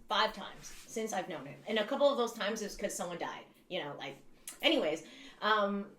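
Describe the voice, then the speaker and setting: A woman's voice: mid-range voice, a bit bright, echoey room. A woman in her thirties hosting a casual livestream chat. She rambles, swears freely and laughs often. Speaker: livestream host.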